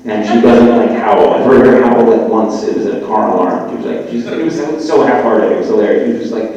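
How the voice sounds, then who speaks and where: A man's voice: mid-range voice, steady tone, fairly quick, warm tone. A man chatting as a guest on a live panel, rambling with lots of fillers and restarts. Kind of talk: casual live panel chat. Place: live festival stage in a large hall. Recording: echoey hall, far from the mic, lo-fi.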